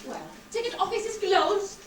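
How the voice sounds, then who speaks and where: A woman's voice: extremely high pitch, normal speed, a little hiss or hum. A woman playing a stubborn, bureaucratic talking door on stage, heard from far off in an echoey hall. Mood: dismissive. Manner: blunt, dismissive, bureaucratic. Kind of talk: stage acting. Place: theatre stage.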